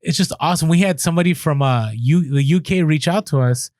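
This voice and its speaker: A man co-hosting a casual podcast, chatty and quick with asides, often restarting his sentences. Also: a little high, darkish tone, no echo, studio quality. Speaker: podcast co-host.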